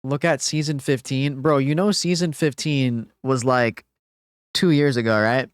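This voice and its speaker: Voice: medium pitch, a little slow, clear, resonant tone, no room sound, studio quality. A game streamer on a livestream, talking back to chat in an exasperated, profane rant.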